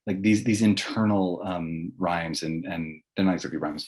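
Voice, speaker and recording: A man with a deep, low-pitched voice delivers a public lecture on poetry. He explains in an academic manner, working through his points aloud as he goes. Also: a little mellow.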